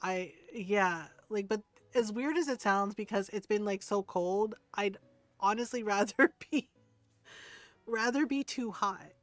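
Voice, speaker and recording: A woman's voice: medium pitch, unhurried, dry recording, soft background music. A middle-aged woman streamer chatting casually, rambling and laughing often as she talks. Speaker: game streamer. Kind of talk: casual livestream chat.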